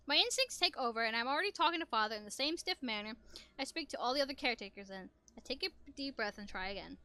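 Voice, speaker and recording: A woman reading a visual novel aloud in expressive first-person narration on a headset mic. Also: high-pitched, fast. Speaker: gameplay narrator.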